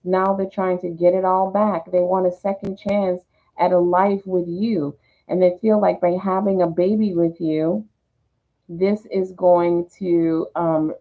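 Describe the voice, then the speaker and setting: A woman reading tarot, voicing the cards' messages in first person and then explaining them. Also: fairly low pitch. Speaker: tarot reader. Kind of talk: channeling tarot card messages. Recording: tinny phone-like sound.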